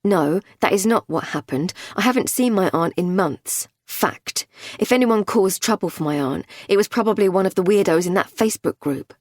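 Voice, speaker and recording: A woman's voice: medium pitch, lively intonation, normal speed, no room sound, studio quality, natural voice. A woman reading the part of a defiant young man being questioned, prickly and scornful. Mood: insistent.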